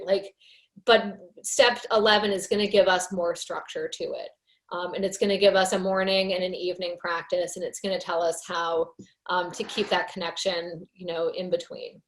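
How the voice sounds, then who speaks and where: A woman leading a recovery workshop, teaching in a casual, earnest way, full of "you know" fillers, and reading aloud from a book. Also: mid-range voice. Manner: conversational, many fillers, earnest.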